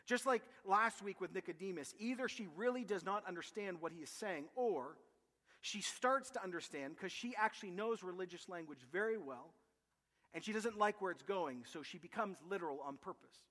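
A man preaching a sermon as pastor, animated and emphatic, with vivid comparisons. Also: high-pitched, normal speed, in a large hall.

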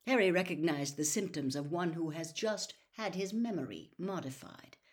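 Low-voiced woman reading a story aloud. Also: lively intonation, moderate pace, a little mellow.

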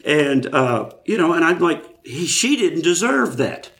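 A man in casual chat, relaxed, repeating himself and chuckling now and then. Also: fairly high pitch, unhurried, creaky.

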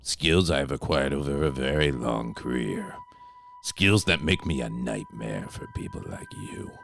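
A man voicing a hot-headed older Irish action-movie star in a comedy sketch, growling lines and bursting into shouts. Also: a bass voice, wildly swooping pitch, measured pace, vocal fry, a little hiss or hum, heavily acted. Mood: menacing. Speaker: podcast co-host.

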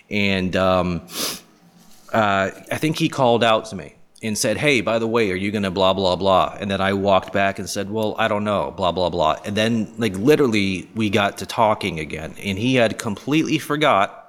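A man's voice: low-pitched, fairly bright tone. A man casually telling a story alone on a podcast, rambling and swearing with lots of fillers. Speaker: podcast host.

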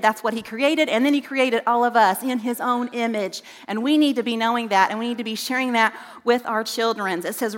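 A middle-aged woman speaks from a church stage mic, her voice a little high and ringing out with a long hall reverb. She preaches earnestly and with emphasis to parents, tossing questions to the children in the room. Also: steady tone, a little fast, a bit bright. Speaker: children's ministry director. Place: church sanctuary.

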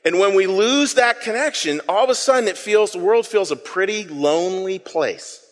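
A man preaching an interactive sermon, with a slightly high voice. He is playful and self-deprecating as he calls on the congregation to repeat words after him. His voice rings out in the long reverb of a church sanctuary. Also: moderate pace. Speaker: pastor. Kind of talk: interactive sermon with audience call-and-response.

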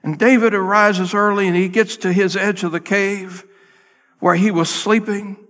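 Male pastor telling a bible story in a sermon, sharp bright voice, big echoey church. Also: high-pitched, steady tone, normal speed. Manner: dramatic storytelling, acting out scenes. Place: church sanctuary.

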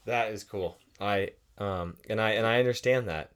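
A man's voice: on the low side, moderate pace, clean tone. A man interviewing a guest, asking questions hesitantly and repeating words as he forms them.

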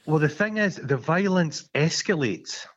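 A man's voice: on the high side, expressive, unhurried, muffled recording. A man co-hosting a film podcast from Scotland, joking and teasing in casual chat as he retells scenes. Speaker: podcast co-host.

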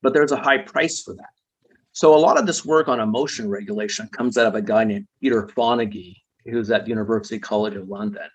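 A man's voice: lowish voice, fast, husky. A man, a psychologist guest, explaining ideas patiently in an interview and often checking in with tag questions. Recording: dull lo-fi recording.

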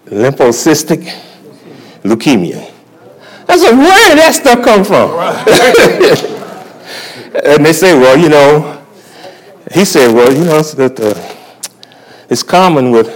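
A man's voice: a little high, sing-song, slow pace, pauses often, poor audio. A male church elder giving a sermon testimony at a convocation, telling his story in a folksy way and chuckling often.

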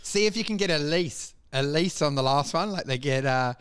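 A man chatting casually on a comedy podcast, animated and sweary, acting out little scenes. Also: normal speed, clean tone. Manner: animated, swears a lot, acts out bits in high silly voices. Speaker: podcast co-host.

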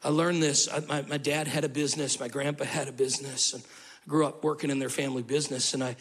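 A male pastor preaching a sermon in an animated way, with humorous asides and acted-out quotes. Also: medium pitch, fast, breathy edge.

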